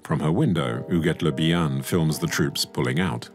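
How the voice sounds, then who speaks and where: A man narrating a documentary in a measured, grave, scripted delivery. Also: a bass voice. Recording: voice over music score.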